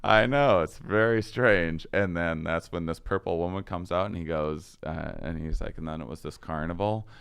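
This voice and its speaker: A man's voice: low-pitched, normal speed, gravelly, few pauses, fairly bright tone, smooth. A man telling a long story in casual conversation, acting out quoted lines and laughing often. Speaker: podcast guest.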